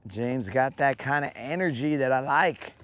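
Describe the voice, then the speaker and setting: A man's voice: mid-range voice, normal speed, a bit bright, slight background noise. A man hosting a fishing livestream outdoors on a lake, joking in slang and greeting viewers by name. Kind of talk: casual live-stream chat.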